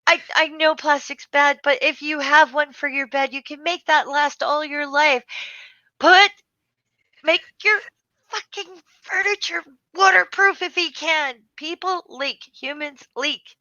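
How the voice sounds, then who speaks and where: A woman chatting casually, blunt and crude, telling animated stories. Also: high-pitched, measured pace, no room sound, dull audio. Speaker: storyteller. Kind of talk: casual chat.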